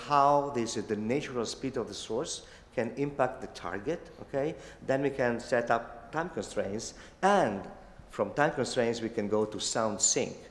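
A man whose first language is Italian, answering judges' questions on stage in a hotel hall, talking haltingly with restarts. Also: medium pitch. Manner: halting, restarts phrases, many yeahs. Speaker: pitching innovator. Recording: echoey hotel hall with long reverb.

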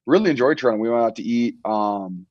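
A man's voice: expressive, fast talker, darkish tone. A young man in his twenties, casually chatting as a podcast host in a laid-back, rambling way with plenty of ums. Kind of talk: casual chat. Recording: muffled low-fidelity audio.

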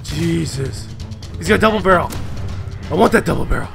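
A man's voice: a little high, expressive, fairly quick, vocal fry, music in the background. Frantic laughing young gamer guy. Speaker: gaming YouTuber. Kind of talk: chaotic gameplay commentary.

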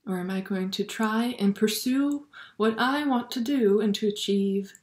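Woman doing a slow spiritual reflection, talks real unhurried, sometimes goes almost whispery, roomy echo. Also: mid-range voice. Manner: slow, thoughtful, with soft near-whispered phrases. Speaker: Catholic video blogger.

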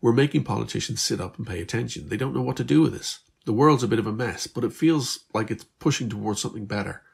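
A weary but hopeful Irish teenage girl who talks fast and earnestly and sounds a bit exasperated, as a man voices her. Her voice is only lightly raised and keeps a gravelly, husky edge. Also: medium pitch, voice pushed up. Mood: reassuring. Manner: chatty, earnest, slightly exasperated.

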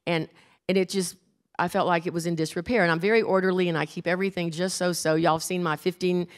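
An older woman preaching a sermon in church, earnest and emphatic, slowing down and repeating key phrases. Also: fairly low pitch.

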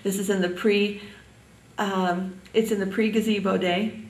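A woman's voice: medium pitch, level tone, recorded from a distance. Older woman reminiscing in an echoey room. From Indiana, US. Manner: reminiscing, halting with many ums. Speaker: interviewee. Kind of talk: oral history interview.

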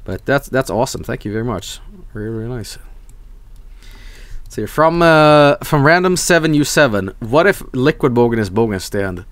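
A man's voice: mid-range voice, expressive, moderate pace, a bit bright, no room sound. A young man streaming, chatting casually and reading viewer messages, rambling and swearing, often breaking into laughs.

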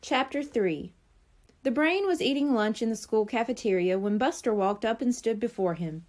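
A woman working as a librarian, reading a children's chapter book aloud with clear, expressive storytelling. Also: a little high, normal speed.

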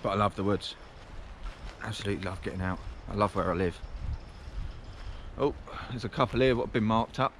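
A man's voice: on the low side, a little fast, pauses often, a bit bright. Man chatting on a windy woodland walk. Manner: rambling, talks to viewers while calling his dogs. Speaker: vlogger walking his dogs. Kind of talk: casual chatty walking vlog. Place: outdoor woodland on a windy day. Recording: wind and outdoor noise.

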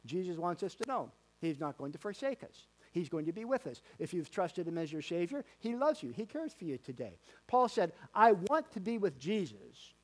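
Man, pastor, church sermon, high-pitched, folksy, emphatic repetition, filler-heavy. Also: sing-song, fairly quick, few pauses, a little mellow. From Canada. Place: church sanctuary.

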